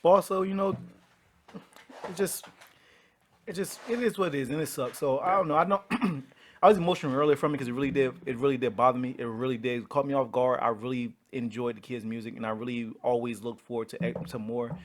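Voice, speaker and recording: A man's voice: medium pitch, brisk. A man co-hosting a podcast, talking bluntly and swearing in casual chat. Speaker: podcast co-host.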